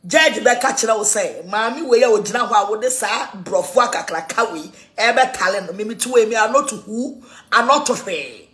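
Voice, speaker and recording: A woman with a Ghanaian accent in an animated, mocking rant, laughing mid-sentence and switching between languages. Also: fairly high pitch, fairly quick.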